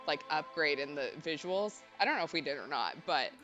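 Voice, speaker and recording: Over game music, a young woman streams a let's-play, babbling nervously and casually with lots of fillers. Her voice is low and brisk with lively intonation, and the recording sounds muffled.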